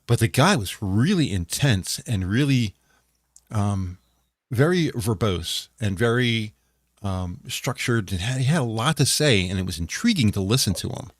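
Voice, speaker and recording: A low-pitched man co-hosting an online talk show, chatting in a loose, rambling way with lots of restarts. His voice sounds close-miked and dry. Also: expressive, measured pace, no echo. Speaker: podcast co-host. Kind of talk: casual chat.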